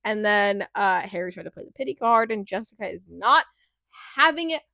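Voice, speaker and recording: A woman's voice: mid-range voice, expressive, moderate pace, gravelly, pushed and bright, dry recording, studio quality. A woman giving a casual, chatty recap of a reality show, rambling with lots of fillers and acting out quotes with a laugh.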